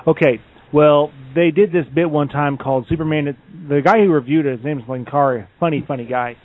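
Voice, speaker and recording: A man's voice: fairly high pitch, fairly quick. A man co-hosting a casual podcast chat, laid-back and hesitant with fillers. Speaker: podcast co-host. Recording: dry, phone-like audio.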